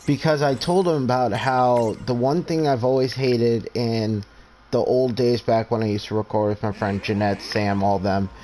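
A man's voice: mid-range voice, fairly even intonation, normal speed, warm tone. A man in his twenties with a stutter, hosting a game stream and talking in an earnest, rambling, heartfelt way. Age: 20s. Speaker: streamer host. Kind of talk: casual chat while streaming a game.

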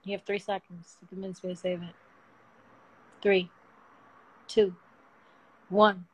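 A woman's voice: medium pitch, level tone, slow, slightly rough. A woman in her twenties chatting casually and playfully with viewers on a phone livestream, slangy and laughing often. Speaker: livestream host. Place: home at night.

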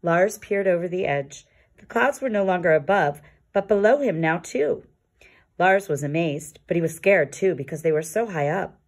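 A woman reading a children's picture book aloud in a calm, expressive storytelling manner. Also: fairly low pitch, normal speed. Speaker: storybook reader.

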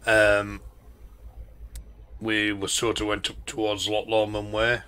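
Chatty Yorkshire man, low bright voice. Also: monotone, slow, a little hiss or hum. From Yorkshire, England. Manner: rambling, chatty storyteller. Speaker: gaming channel host. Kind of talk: casual driving-game commentary.

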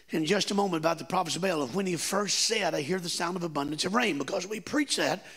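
A man's voice: fairly high pitch, creaky, a bit bright. A man preaching a sermon in a church, folksy and joking, rising to emphatic stretches as he retells the story. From Kentucky. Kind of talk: Pentecostal-style sermon. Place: church sanctuary.

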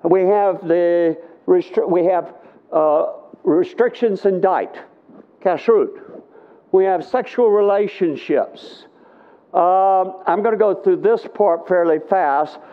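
Over thin, tinny, phone-like audio, a middle-aged man with a somewhat high voice leads a Bible teaching at a live conference. He speaks unhurriedly and conversationally, often stopping to ask his audience "okay?".

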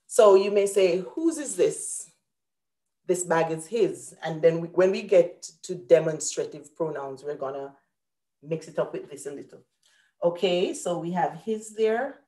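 A woman's voice: on the low side, normal speed, mellow, roomy sound. A woman teaching a live grammar lesson at a whiteboard, explaining patiently step by step and correcting herself aloud. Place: room with a whiteboard.

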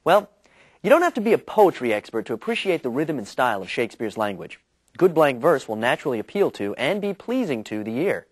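Animated man narrating a lesson. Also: mid-range voice, a little fast, slightly rough, no room sound. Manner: jokey, conversational. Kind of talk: scripted educational narration.

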